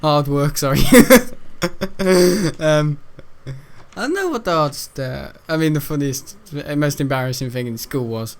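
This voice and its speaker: A man's voice: a little high, expressive, unhurried. A young man from Britain, rambling and giggling as he tells a school story while playing a game. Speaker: gaming video host. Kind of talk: casual gameplay commentary.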